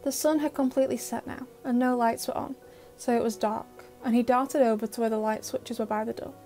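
A woman narrating an audio fan-fiction story with steady, emotive storytelling. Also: on the high side, fairly quick, faint music behind.

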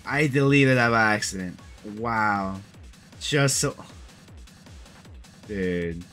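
A man's voice: on the low side, lively intonation, takes it slowly, pushed and bright, soft background music. A young man giving casual, slangy commentary on a mobile game, frustrated and peppering his talk with bro and dude.

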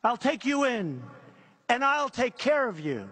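A man's voice: very high-pitched, big pitch swings, unhurried, fairly bright tone, slightly rough, voice pushed up, exaggerated voice. A man voicing a tender-hearted woman in a read-aloud poem, crying out in pity and then dismay. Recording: long reverb of a big hall.

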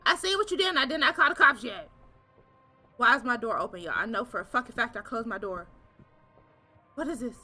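A young woman streaming a horror game, talking in an animated way straight to her viewers and swearing often. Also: high voice, normal speed, pauses often, faint music behind. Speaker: gaming streamer. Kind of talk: casual let's-play commentary.

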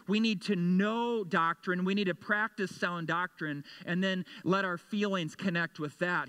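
A man, the pastor, preaching a sermon in church. He talks earnestly, repeats words when pressing a point, and drops to a soft, low voice when he comforts. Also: clear, resonant tone. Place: church sanctuary.

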